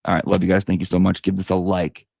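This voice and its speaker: A man's voice: completely flat delivery, fast talker, creaky, darkish tone, no room sound, studio quality. Chatty profane man. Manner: chatty, profane, swinging emotional pitch. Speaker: livestream host. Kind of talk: casual livestream chat.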